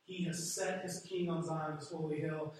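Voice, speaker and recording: A man's voice: on the high side, level tone, normal speed, slight background noise. A man preaching a sermon in a conversational storytelling manner, chuckling now and then. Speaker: pastor. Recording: echoey room from a distant mic.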